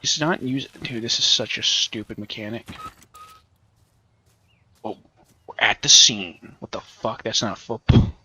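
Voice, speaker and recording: A man's voice: mid-range voice, unhurried, long pauses, sharp tone, husky. A man hosting a let's play, rambling, joking and swearing as casual gameplay commentary.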